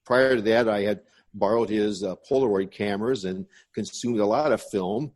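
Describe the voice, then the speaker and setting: A man in his sixties from the United States speaks with a lowish voice. He talks in a relaxed, rambling way as a podcast guest, wandering from one memory to the next. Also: moderate pace. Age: 60s. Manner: rambling reminiscing storyteller. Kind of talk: casual interview.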